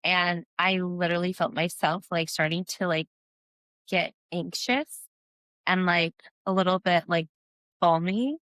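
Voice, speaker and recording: A woman in her thirties hosting a podcast, a mom chatting casually and filling her talk with "like". Her voice sits a bit low for a woman, and the recording is dry and close. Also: unhurried, a bit bright, dry recording, low-quality recording. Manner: chatty, lots of fillers. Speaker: podcast host, mother. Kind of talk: casual chat.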